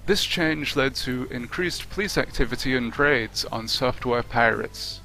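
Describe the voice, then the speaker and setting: Bright-voiced wry male game reviewer. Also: mid-range voice, a little slow, soft background music. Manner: wry, conversational. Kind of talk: unscripted video review narration.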